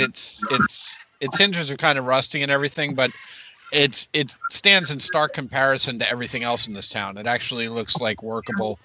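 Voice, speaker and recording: A man's voice: mid-range voice, bright, forceful tone, a little hiss or hum. A man narrating as game master of a tabletop game, rambling with many fillers. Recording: dull lo-fi recording.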